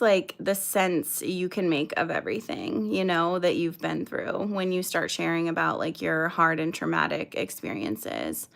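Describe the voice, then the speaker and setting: A woman in her thirties hosts her first casual livestream, greeting viewers while chatting nervously and apologetically, full of filler words. Her voice sits on the low side and sounds creaky.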